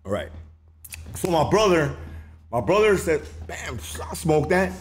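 A man's voice: fairly high pitch, very animated, unhurried. A man telling stories from his youth in casual street slang, often ending lines with a tag question. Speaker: interviewee. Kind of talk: casual storytelling.

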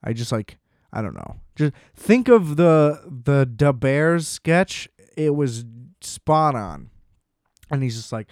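Young adult man, casual comedic monologue. Smooth voice, dry room sound, sardonic rambling delivery. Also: fairly high pitch, sing-song, a little slow, darkish tone, no echo. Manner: rambling, sardonic, self-deprecating. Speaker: solo storyteller. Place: small room at home.

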